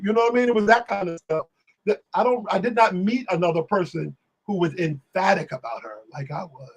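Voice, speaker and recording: As a guest on a live stream, an animated man tells stories casually and exclaims often, sometimes singing lyrics and sometimes voicing the people he quotes. His voice sits high with a husky edge, his pace is brisk, and the audio is dull.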